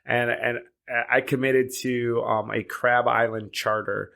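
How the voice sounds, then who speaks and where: A man's voice: medium pitch, flat delivery, takes it slowly, vocal fry, sharp tone. A man who hosts a podcast and runs boat charters, telling stories in a rambling, filler-heavy way and laughing along. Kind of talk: casual anecdotal storytelling.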